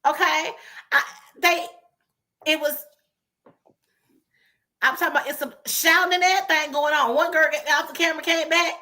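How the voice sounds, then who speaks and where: A woman with a Southern US accent co-hosting a casual online chat, animated and quick to laugh. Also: sits high. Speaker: co-host.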